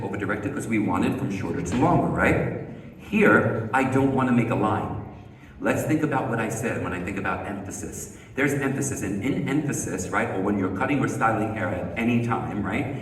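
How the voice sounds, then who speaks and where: A man's voice: on the low side, a little hiss or hum. Man coaching a haircut in an echoey hall. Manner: coaching, asks rhetorical questions, repeats key words. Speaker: hair educator. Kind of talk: live haircut demonstration. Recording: echoey hall, mic far off.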